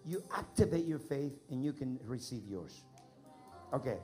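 A man's voice: medium pitch, lively intonation, moderate pace, a little mellow. Urgent preacher man over music and crowd. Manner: urgent, commanding, repeats phrases. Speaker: pastor leading a healing service. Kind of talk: preaching to a congregation. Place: large church hall. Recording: live with music and crowd behind.

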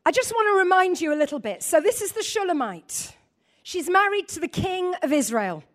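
Woman, preacher, high voice, animated, laughing, lively sermon. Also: moderate pace.

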